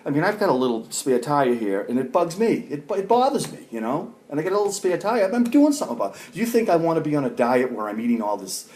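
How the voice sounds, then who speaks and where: A man's voice: on the high side, very animated, quick pace, hardly any pauses, a little mellow. A middle-aged man venting in a rambling, profane vlog rant full of fillers. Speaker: vlogger. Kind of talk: ranting vlog monologue.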